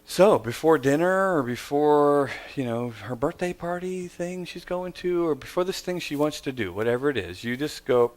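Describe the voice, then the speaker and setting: Man telling a lively parenting story. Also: moderate pace, few pauses. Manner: acts out dialogue, jumping into a high voice for the child. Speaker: speaker giving parenting advice. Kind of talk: storytelling talk.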